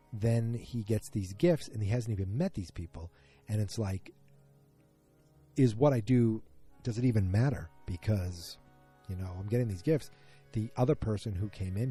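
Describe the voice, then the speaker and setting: Rambling man recapping a show, mellow voice. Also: medium pitch, slightly rough. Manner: rambling, frequent fillers, quick retelling of scenes. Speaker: podcast host. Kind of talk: casual solo recap podcast.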